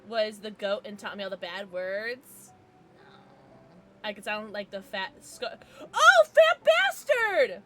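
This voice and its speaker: A woman's voice: mid-range voice, little pitch movement, measured pace, a bit bright, slight background noise. A woman streamer chatting casually with her live viewers, giggling often as she reacts to the chat.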